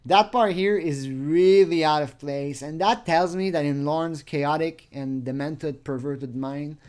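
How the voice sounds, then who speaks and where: A man's voice: on the high side, measured pace, a little mellow. A man giving crude, sarcastic running commentary while reading chat logs aloud. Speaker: commentary host.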